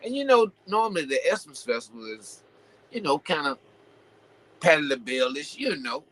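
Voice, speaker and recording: A man hosting his own show, talking casually and at length, full of "you know" fillers and restarts, building into animated rhetorical questions. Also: a little high, moderate pace, low-quality recording. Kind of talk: casual opinion monologue.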